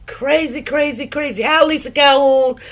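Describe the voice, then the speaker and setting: A woman's voice: sits high, steady tone, moderate pace. A middle-aged woman chatting casually on a livestream, greeting viewers by name and stretching out some words. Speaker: livestream host.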